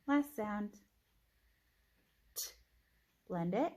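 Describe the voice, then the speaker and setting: A woman teacher giving a phonics reading lesson, sounding out words slowly and deliberately with encouraging praise. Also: medium pitch, animated.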